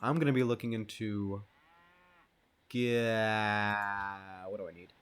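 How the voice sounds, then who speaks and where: A man's voice: fairly low pitch, steady tone, slow pace, a bit bright, clear, resonant tone. A man giving casual, rambling gameplay commentary, joking and swearing as he plays. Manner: laid-back, rambling and joking, with frequent swearing. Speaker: gamer.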